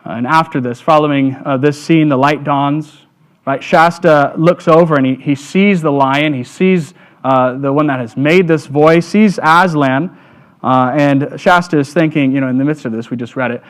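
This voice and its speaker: A man speaks at a church Lenten supper, reflecting on a passage in a halting, conversational way. His voice sits a touch high, and he keeps checking in with "right?" between thoughts. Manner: halting, many "uh"s and "right?" tags. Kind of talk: lenten devotional talk.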